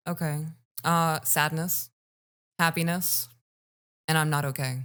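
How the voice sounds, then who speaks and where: A woman co-hosting a podcast, answering quietly in short replies. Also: sits low, fairly even intonation, takes it slowly, smooth. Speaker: podcast co-host. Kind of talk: casual podcast chat.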